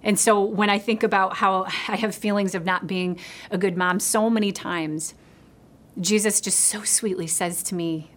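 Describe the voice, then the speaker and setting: A middle-aged woman preaching a sermon in an earnest voice, dropping to a soft hush when she speaks God's words. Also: mid-range voice, steady tone, moderate pace, slight background noise.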